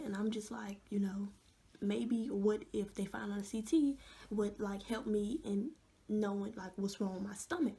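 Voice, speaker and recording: A young woman vlogger telling an animated story with many fillers, often dropping to a hush. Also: mid-range voice, normal speed, vocal fry. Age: young adult. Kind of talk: storytime vlog.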